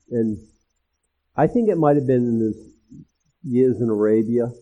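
A man preaching an expository sermon as pastor, animated and acting out the people in the text. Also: medium pitch, measured pace, pauses often. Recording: tinny phone-like sound.

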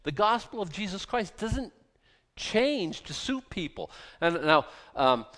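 A man's voice: sits high, big pitch swings, a little slow, fairly bright tone. A man preaching a sermon, emphatic and sarcastic, firing rhetorical questions at the congregation. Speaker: pastor.

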